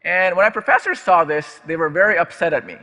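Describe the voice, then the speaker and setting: A man's voice: high-pitched, fast talker, pushed and bright. A man giving a stage talk to a live audience, chatty and self-deprecating, with lots of fillers and restarts. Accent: American. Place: large lecture hall. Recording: long hall reverb.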